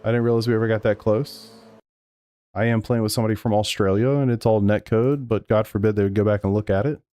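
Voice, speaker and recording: A man's voice: lowish voice, fairly even intonation, fast, warm tone, no room sound. A man streaming sim racing live, talking over race replays and arguing back at his chat with plenty of swearing. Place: home sim racing room.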